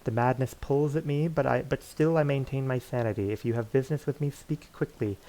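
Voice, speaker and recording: A man's voice: mid-range voice, fairly quick, mellow, pitched above the performer's own voice, close to an everyday voice, poor audio. A man reading aloud the lines of an elemental air dweller who is fighting off madness, in a grave way. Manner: grave, reads the text aloud.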